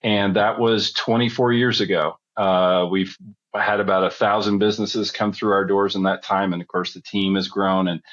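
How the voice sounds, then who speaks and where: A man's voice: lowish voice, flat delivery, normal speed, a bit bright, highs cut off. A middle-aged man, a podcast guest, telling a story in a chatty, rambling way that often backtracks.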